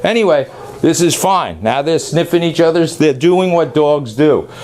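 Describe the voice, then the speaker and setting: A man who runs a dog training facility, talking loosely and excitably as he demonstrates training, now and then yelling playfully. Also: fairly high pitch, moderate pace. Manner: loose, rambling, excitable, yells playfully at times. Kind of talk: casual on-camera demonstration.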